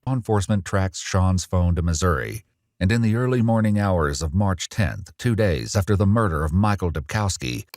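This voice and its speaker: A man narrating a true crime documentary in a measured, grave manner. His voice is extremely deep, and the voice-over is close and dry. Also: lively intonation, a little mellow, no echo.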